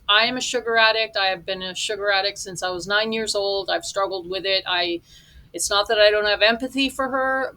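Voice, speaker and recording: A woman's voice: medium pitch, bright, forceful tone. A middle-aged woman giving blunt, scornful commentary as she reacts to a vlog. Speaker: reaction vlogger.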